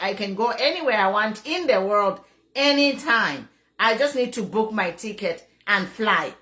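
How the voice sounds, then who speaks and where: Her voice is fairly high, bright and forceful as this middle-aged Zambian online commentator speaks about politics with passion. She hammers her main points through repetition and slips into local language.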